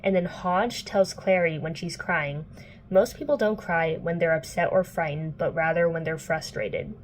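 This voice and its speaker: A woman's voice: lowish voice, fairly even intonation, moderate pace, slight background noise. A young woman in her twenties casually recapping a novel for her channel, chatty and full of fillers, playfully quoting the characters. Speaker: book vlogger.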